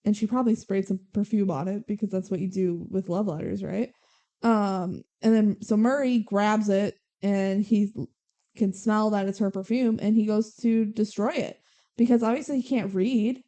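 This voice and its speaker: Young woman podcast cohost, dark mellow voice, animated movie recap, swears a lot. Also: medium pitch, moderate pace. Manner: animated retelling with swearing and acted-out quotes. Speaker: podcast co-host. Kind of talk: casual movie recap chat.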